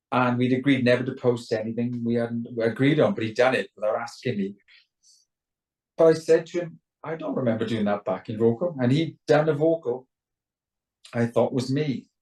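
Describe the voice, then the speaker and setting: A man's voice: mid-range voice, darkish tone. Welsh guy rambling on a zoom call, lots of restarts, sounds a bit far off in an echoey room. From Wales. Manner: chatty, rambling, stammers into restarts, mimics voices. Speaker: rock singer, interview guest. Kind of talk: casual video call interview. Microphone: video call.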